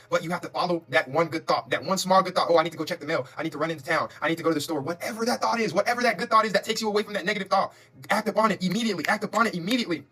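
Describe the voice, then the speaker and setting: A man doing a live-streamed tarot reading, talking in quick, repetitive, emphatic bursts with preacher-like spiritual affirmations. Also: on the high side. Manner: fast, repetitive, emphatic and excitable. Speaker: tarot reader.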